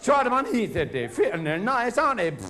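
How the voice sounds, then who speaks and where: A man's voice: very high voice, very animated, brisk, sharp tone. A male stand-up comedian telling a bawdy pub story on stage, swearing freely and jumping between characters' voices. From England. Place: theatre stage. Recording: live stage mic with crowd and hum.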